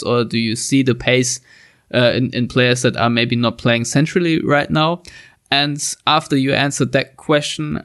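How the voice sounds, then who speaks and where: A man's voice: mid-range voice, fairly bright tone, no room sound, studio quality. A man hosting a football podcast, asking long, carefully built questions of his guest. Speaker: podcast host. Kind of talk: casual podcast discussion.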